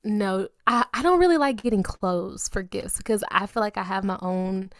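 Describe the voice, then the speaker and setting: A woman's voice: medium pitch, normal speed, no echo, studio quality. A young adult woman co-hosting a podcast in casual chat, playful and slangy, laughing often. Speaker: podcast co-host.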